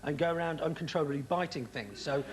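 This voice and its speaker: A man's voice: on the high side, fast, noisy background. A man interviewing a guest on television, asking questions in an amused, bantering way.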